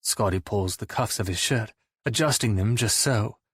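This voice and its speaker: A man narrating a first-person audiobook in a wry, deadpan manner. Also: fairly low pitch, normal speed, husky, no echo, studio quality.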